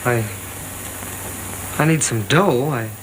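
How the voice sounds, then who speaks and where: A man's voice: medium pitch, takes it slowly, close to an everyday voice. An actor in a 1930s film playing a nervous young male boxer on the run, who stammers and gets defensive. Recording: old film soundtrack with clear hiss.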